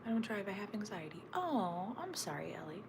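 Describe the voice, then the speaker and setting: A woman with a mid-range voice chats with her livestream viewers from home, answering their comments one after another. She often sinks into a near-whisper mid-sentence. A steady hiss of background noise runs under the whole recording. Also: medium pitch, brisk. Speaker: livestream host. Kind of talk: casual livestream chat with viewers. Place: at home looking out over a snowy backyard.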